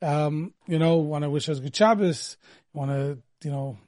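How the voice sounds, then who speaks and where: A man's voice: a little high, moderate pace, a little mellow. A male radio host chatting casually and enthusiastically, rambling with lots of fillers and restarts.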